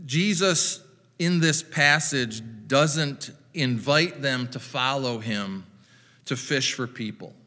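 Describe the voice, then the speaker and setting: A male pastor delivers a sermon at an unhurried, deliberate pace, adding dry, wry asides. His voice is bright and clear. A long reverb trails his words, as in a large hall. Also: mid-range voice.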